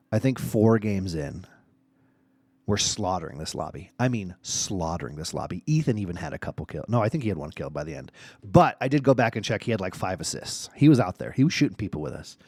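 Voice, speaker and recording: A man's voice: deep voice, a little fast, slightly rough, no room sound. Man telling stories on a dry mic. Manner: animated, swings from hushed to excited. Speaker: podcast host. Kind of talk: solo casual storytelling.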